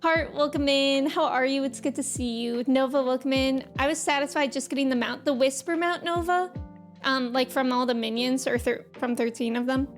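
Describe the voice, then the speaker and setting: A woman's voice: high-pitched, fairly even intonation, normal speed, soft background music. A woman streamer chatting casually with viewers, greeting them by name and rambling along with lots of fillers. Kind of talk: casual live-stream chat.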